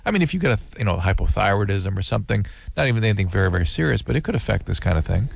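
A man's voice: fairly low pitch, sing-song, vocal fry, dry recording. A man in a talk show giving medical advice in a casual way, stumbling a little as he starts his sentences. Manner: quick, repeats words when starting. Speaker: guest doctor giving advice.

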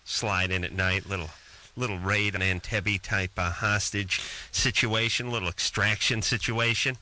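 Man, radio host, wisecracking, crude, lowish voice, very bright tone, studio mic. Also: steady tone, moderate pace. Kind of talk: late-night radio call-in chat. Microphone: studio microphone.

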